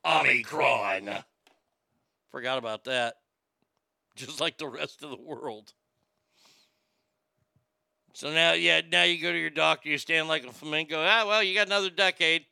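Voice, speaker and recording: A man's voice: a little high, measured pace, creaky, long pauses, pushed and bright, no room sound. A man giving a sarcastic, profane comedy rant about a news story and reading chat aloud.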